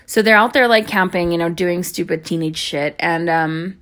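A woman's voice: on the low side, a bit bright. A woman rambling to her listeners in a casual chat, full of likes and ums, swearing often and apologizing as she tells a story. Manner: apologetic, talks fast in bursts. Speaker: audio creator talking to listeners.

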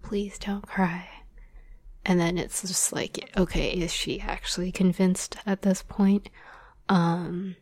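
Young woman, whispered role-play talk, breathy and dry, slow and flat, rambling with fillers. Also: lowish voice, no echo. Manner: soft rambling whisper with many fillers and light laughs. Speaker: audio drama script writer.

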